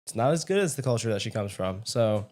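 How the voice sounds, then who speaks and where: A young man co-hosts a casual podcast. He delivers his remarks in a dry, sarcastic manner, with a relaxed conversational tone. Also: fairly low pitch, fast. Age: young adult. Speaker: podcast co-host. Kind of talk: casual political podcast chat.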